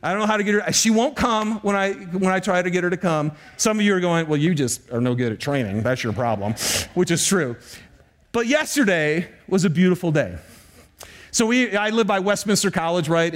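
Animated high-voiced male pastor. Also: brisk. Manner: animated storytelling, addresses the congregation often. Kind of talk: sermon.

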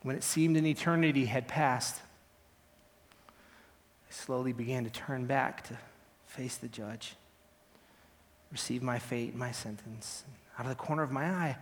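A man preaching a dramatic first-person story, swinging from hushed to loud. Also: mid-range voice, a little slow, long reverb tail.

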